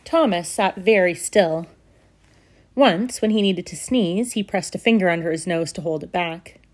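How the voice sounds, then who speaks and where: Storyteller: woman with a lowish voice, steady and expressive read-aloud for church. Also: normal speed. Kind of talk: storybook reading.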